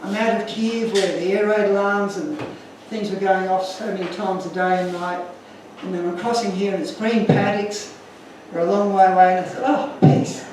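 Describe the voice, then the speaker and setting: A man's voice: high-pitched, steady tone, normal speed, few pauses, darkish tone, very echoey, far from the mic, a little hiss or hum, rough recording. A man giving an earnest, emotional talk to an audience, telling stories from his slides. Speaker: guest speaker.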